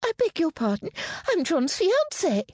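Woman doing a sweet, high young fiancée. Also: huge pitch swings, unhurried, no room sound, studio quality, full character voice. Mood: sweet, eager. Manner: soft and murmuring, squeaky when indignant.

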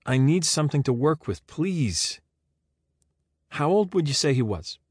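A man plays a patient but relentless woman investigator in a recorded novel. She presses question after question in a steady, lively voice raised above his own. The recording is close and dry. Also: on the high side, measured pace, husky, dry recording, pitched above the performer's own voice, exaggerated voice. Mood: probing.

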